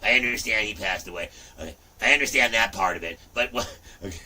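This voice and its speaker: A middle-aged man hosting a livestream, talking in a rambling, profane way with loud outbursts. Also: fairly low pitch, quick pace, recorded from a distance. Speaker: livestream host. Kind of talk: rambling casual livestream chat.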